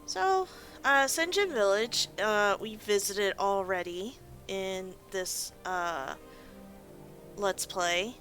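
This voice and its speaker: A woman's medium-pitched, fairly bright voice moves slowly, with faint music behind her and poor audio. The let's play host sounds sleepy, yawning as she rambles through laid-back commentary on her game and mocks her own blunders.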